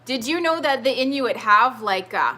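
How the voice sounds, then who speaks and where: A woman's voice: on the high side, expressive, moderate pace, sharp tone. A woman in her thirties hosting a casual trivia live stream from home, chatty and rambling as she answers viewer comments. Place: home with children nearby.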